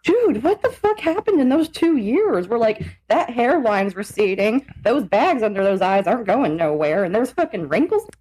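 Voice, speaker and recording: A young woman co-hosts a podcast in loose, casual chat. Her voice sits a little high and swings widely in pitch as she rants, swears and laughs. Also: normal speed, few pauses, husky, rough recording. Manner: animated, swearing, laughs often. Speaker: podcast co-host.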